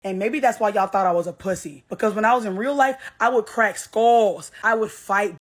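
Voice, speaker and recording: A woman's voice: mid-range voice, moderate pace. A young woman, a social media creator, talking straight to camera in a brash, blunt selfie rant full of swearing.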